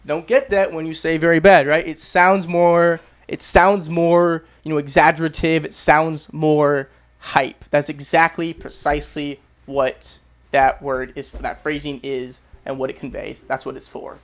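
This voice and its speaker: A man's voice: fairly high pitch, little pitch movement, a little slow. A young American man explaining English words in a casual vlog, emphatic and repetitive, swearing freely. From United States. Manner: emphatic, swears freely, repeats phrases for stress. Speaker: YouTube English teacher.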